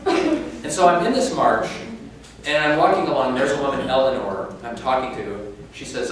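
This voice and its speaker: A man's voice: medium pitch, lively intonation, normal speed. A man giving a talk to a room, telling a story and addressing the audience directly. He sounds far from the mic, and a heavy room echo trails every phrase. Faint background noise sits under his voice. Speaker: keynote speaker on inequality. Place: conference room.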